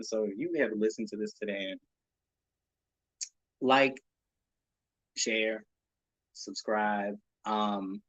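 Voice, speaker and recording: A man's voice: medium pitch, no echo, rough recording. A man in his late thirties hosting his own podcast, talking casually and animatedly, swearing, laughing and acting out people's reactions. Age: 30s. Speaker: podcast host. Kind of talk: casual solo podcast talk.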